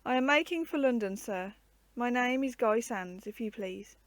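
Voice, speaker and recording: A woman's voice: a little high, expressive, normal speed, no room sound, lightly acted. A woman voicing a young orphan boy who answers politely and firmly, reading a storybook. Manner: polite, then stung and firm. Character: young orphan lad, earnest and proud.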